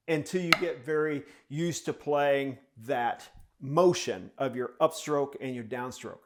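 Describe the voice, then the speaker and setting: Male drum instructor, unhurried and methodical, sounds out patterns as he plays, noisy recording. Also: fairly high pitch. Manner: vocalizes rhythms with syllables while demonstrating. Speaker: drum teacher. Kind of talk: step-by-step instrument lesson.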